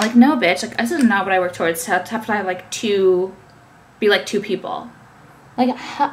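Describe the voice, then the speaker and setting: A woman's voice: mid-range voice, very animated, brisk, noisy background. A young woman talking casually to camera, ranting with many fillers and swearing. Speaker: vlogger and business owner.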